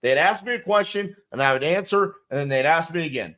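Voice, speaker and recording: A man with a slightly high voice coaches sales. He is blunt and emphatic and swears freely, and he acts out both sides of a call as he picks a script apart. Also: a little fast, pushed and bright. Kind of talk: instructional commentary on a sales script.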